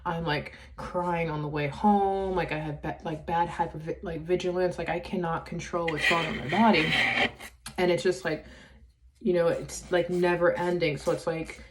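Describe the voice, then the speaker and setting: Woman, deep voice, casual vlog, rambling, lots of fillers, halting delivery. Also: little pitch movement, background noise. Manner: halting, filler-heavy, full of "like" and restarts. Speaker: vlogger.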